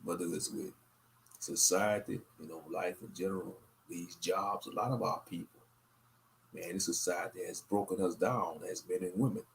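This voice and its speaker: Man, very low pitch, rough gravelly voice, monotone, weary, casual late-night stream host. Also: normal speed, a little hiss or hum. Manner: low-key and monotone, rambling. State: tired, worn out. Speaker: livestream host.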